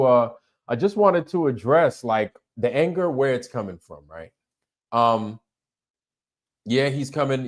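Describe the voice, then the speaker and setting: A man hosting a casual livestream, talking in an animated way, swearing freely and leaning on filler phrases. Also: medium pitch. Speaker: livestream host.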